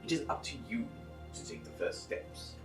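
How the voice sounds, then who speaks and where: Man playing grave aloof headmaster, slow measured speech, echoey room. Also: fairly bright tone, faint music behind, lightly acted. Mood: stern. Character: stern aloof male headmaster giving a speech.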